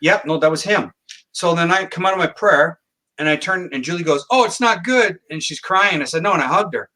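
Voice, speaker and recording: A man's voice: on the high side, fairly quick, pushed and bright. A man telling a long personal story as a guest in a podcast interview, acting out quoted dialogue. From Canada. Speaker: guest psychic.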